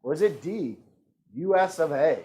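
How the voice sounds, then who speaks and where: A man's voice: a little high, lively intonation, normal speed, mellow. A man hosting an online trivia game, reading questions and options in a joking, playful way. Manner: joking, reads multiple-choice options with playful voices. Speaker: trivia host. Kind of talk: live-streamed trivia hosting.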